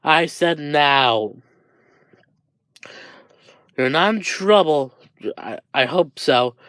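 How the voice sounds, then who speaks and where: A man's voice: on the high side, lively intonation, measured pace, a bit bright, dry recording. A man voicing a curt, stern male teacher in a fan-told story.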